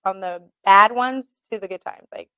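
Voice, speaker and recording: The recording is dry, carrying a woman's bright, clear, resonant mid-range voice at normal speed with a forceful tone. She hosts a radio talk show in casual-chat style, candid and profane, laughing frequently and quoting herself in skits.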